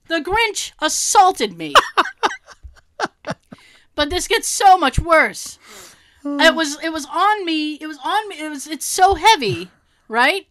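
A woman co-hosting a podcast, telling a funny story in animated casual chat and laughing often. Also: sits high, slow, pauses often. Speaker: podcast co-host.

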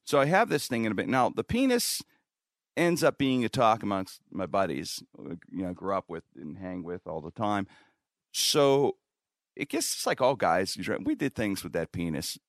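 Speaking at a normal speed in a fairly low voice, a middle-aged man tells a lengthy story as a podcast guest in a casual chat. The sound is clean studio audio without room sound, and he acts out quotes animatedly, laughing a lot along the way.

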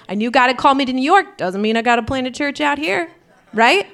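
High bright-voiced woman preaching a sermon. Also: expressive, a little fast. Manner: impassioned, rising to fervent prayer. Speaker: pastor.

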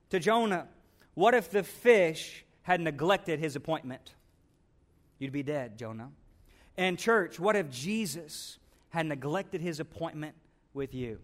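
High-voiced preacher acting out scripture. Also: male voice, unhurried. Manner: acts out a grumbling Jonah, swings from loud to hushed. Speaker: pastor. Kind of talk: sermon.

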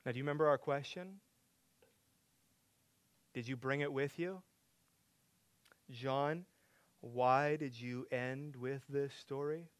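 A man preaching a sermon to a congregation, asking them direct questions and building from quiet teaching to loud, emphatic preaching. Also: medium pitch, slow, long pauses, dry recording. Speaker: pastor.

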